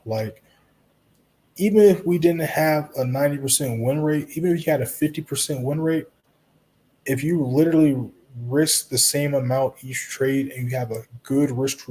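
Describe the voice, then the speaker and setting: A man hosting a live stream in a relaxed, reassuring way, chatting to viewers and answering their comments. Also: medium pitch, a little hiss or hum. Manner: relaxed, reassuring, talks straight to viewers with frequent "you know" and "right?".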